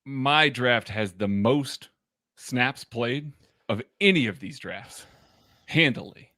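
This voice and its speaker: A man on a sports podcast who delivers wry, needling jabs. His voice is bright and sharp, and it rises and falls freely. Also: medium pitch, lively intonation, takes it slowly. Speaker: podcast co-host. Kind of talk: casual sports podcast banter.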